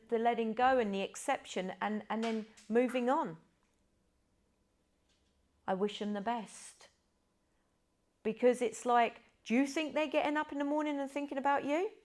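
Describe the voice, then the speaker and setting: Chatty woman yoga teacher. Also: medium pitch. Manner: candid, chatty storytelling with warm asides. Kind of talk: informal spiritual talk.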